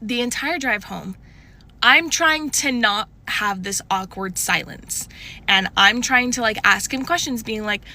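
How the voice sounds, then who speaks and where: A young woman in her twenties tells a story at an unhurried pace. Her voice is bright and sits a little high, with lots of likes and restarts. She is animated and keeps shifting her pitch. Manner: chatty, full of likes and restarts. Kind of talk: casual storytime chat.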